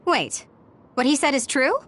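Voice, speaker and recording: A woman's voice: high voice, big pitch swings, a little slow, a bit bright, heavily acted. An actress playing a loyal, outspoken young woman who speaks firmly and emphatically in a game cutscene. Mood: puzzled. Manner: firm, emphatic.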